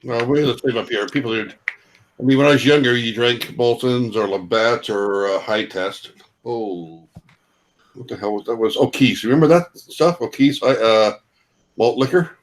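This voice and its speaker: A man's voice: medium pitch, moderate pace, poor audio. Middle-aged man, Canadian accent, chatty joker on a group call. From England. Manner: chatty, joking, leans on "uh" fillers. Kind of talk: casual chat.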